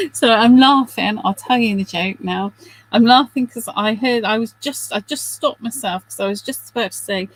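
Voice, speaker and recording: A woman's voice: fairly high pitch, poor audio. A middle-aged woman hosting a craft video, chatting casually and self-deprecatingly while she works, with giggly asides.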